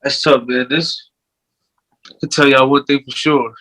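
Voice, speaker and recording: A man's voice: mid-range voice, level tone, unhurried, pushed and bright, poor audio. A man co-hosting a podcast, talking in a laid-back, slangy way and repeating phrases in casual chat. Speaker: podcast co-host.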